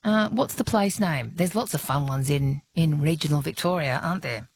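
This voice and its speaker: A woman's voice: sits low, moderate pace, a little hiss or hum. An Australian woman hosting a talkback radio quiz, chatty and encouraging, laughing easily with callers.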